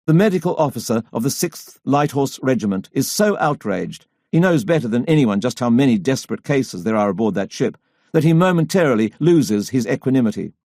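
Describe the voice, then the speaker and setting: A man reading a history audiobook aloud as its narrator, in a measured, dramatic way that lifts for quoted voices. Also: medium pitch, very animated, a little mellow, no room sound, studio quality. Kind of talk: scripted narration.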